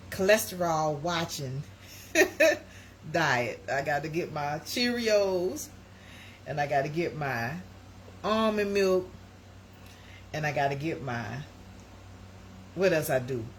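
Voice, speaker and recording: Brief: middle-aged woman, rambling live-stream host, chatty, noisy home recording. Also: low-pitched. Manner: chatty, rambling, talks to viewers as y'all. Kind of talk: casual live-stream chat.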